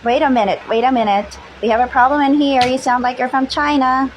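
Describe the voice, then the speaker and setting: A shrill, excitable woman on a customer call, high-pitched and loud, quick to accuse, as a man puts her on. Faint ambience behind. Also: slight background noise, lightly acted. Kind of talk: comedy sketch role-play.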